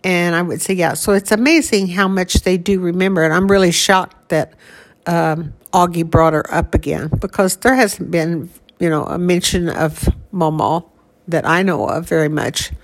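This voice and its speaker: A woman's voice: lowish voice, normal speed. An older woman casually reminiscing about her late mother, laughing now and then as she talks. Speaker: grieving daughter recalling her mother. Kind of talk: casual conversation.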